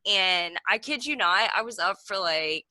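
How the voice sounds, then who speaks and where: In a dry recording over a video call mic, a woman in her thirties tells a rambling story during a casual chat. Her medium-pitched voice is animated, unhurried, bright and forceful, and she fills every gap with "like."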